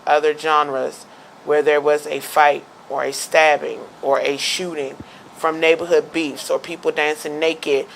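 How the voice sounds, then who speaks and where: Talk host, gravelly, emphatic and argumentative, stammers into points. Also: mid-range voice, level tone, unhurried, a bit bright, a little hiss or hum, rough recording. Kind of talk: casual debate and show sign-off.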